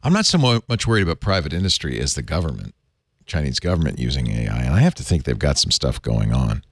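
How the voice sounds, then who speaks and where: Male host, animated and jokey, reads headlines aloud; very dry, close recording. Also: very deep voice, quick pace, slightly rough, no echo. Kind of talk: casual panel chat, reading news aloud.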